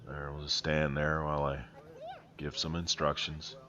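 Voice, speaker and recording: A man, a horse trainer, calmly talking over his riding footage, explaining in a plainspoken, self-critical way. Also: extremely low pitch, normal speed, dull audio.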